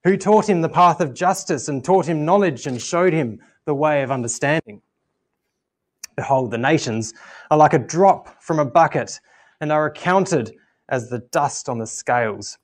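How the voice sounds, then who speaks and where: A man preaching a communion sermon at church and reading scripture aloud in a measured, earnest way. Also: a little high.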